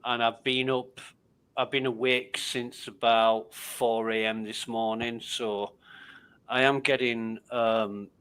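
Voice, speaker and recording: A man's voice: medium pitch, level tone, slow pace, fairly bright tone, clean tone. A man with an English accent chatting as a livestream guest over a video call, tired and dry, with plenty of swearing. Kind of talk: casual chat.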